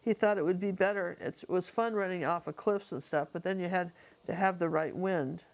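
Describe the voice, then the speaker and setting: A woman's voice: fairly low pitch, normal speed. A woman, a painting teacher, casually telling a personal story in a chatty, rambling way with lots of asides.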